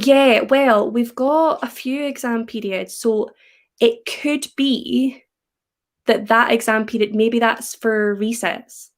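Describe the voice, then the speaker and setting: A young woman from Scotland with a softened Scottish accent, chatting casually on a livestream and reading viewer comments aloud. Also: medium pitch. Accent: Scottish, softened by English. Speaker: livestream host.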